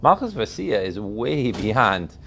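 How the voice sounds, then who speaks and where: A man's voice: fairly low pitch, sing-song, unhurried, creaky, fairly bright tone, slight background noise. A man teaching a religious text class, often asking his students questions and checking that they follow.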